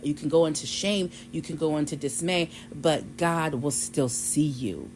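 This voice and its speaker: Unhurried and a little mellow, this woman's low voice comes through a rough recording with some background noise. As host of a devotional podcast, she talks through scripture casually, Bible-study style, quoting voices and laughing lightly.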